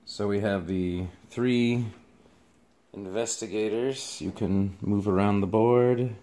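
A man's voice: on the low side, steady tone, slow, warm tone. A young man chatting casually with his partner in a home vlog, dry and joking. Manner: dry, joking, playfully puts on accents. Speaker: vlogger's partner. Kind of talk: casual conversation.

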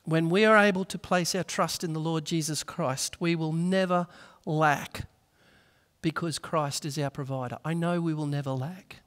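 Pastor, man, high bright tone, earnest sermon in a reverberant church hall. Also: steady tone, normal speed. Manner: earnest storytelling, acts out voices in anecdotes.

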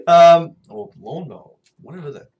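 A man with a somewhat high voice talks through a TV episode at home, his throat sore and his nose blocked. He rambles, loses his thread, and swears casually between fillers. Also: expressive, slow pace, a little mellow. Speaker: TV episode reviewer.

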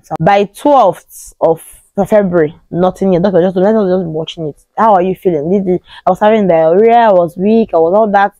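A Nigerian woman in her thirties speaks with a Nigerian accent in a slightly low, mellow voice. She tells a personal story to the camera and acts out the voices of the people in it. The sound is close and dry, with no room echo. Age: 30s. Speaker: vlogger.

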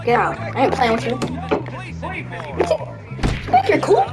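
High, animated woman yelling at a game. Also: a little slow, poor audio. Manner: excitable, trash-talking, shouts at the game. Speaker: gaming video creator. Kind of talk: excited gameplay commentary. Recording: loud game music underneath.

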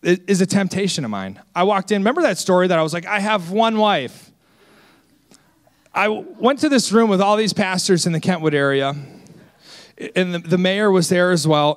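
A man in his twenties, a senior associate pastor, preaching a sermon with lively self-deprecating stories. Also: high-pitched. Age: 20s. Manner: energetic, storytelling with self-deprecating humor.

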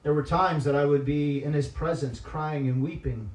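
A man preaching a sermon as a guest speaker in church, moving between soft, tearful-toned confession and loud, emphatic exhortation. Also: fairly high pitch, fairly even intonation, moderate pace. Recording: echoey church hall, distant mic.

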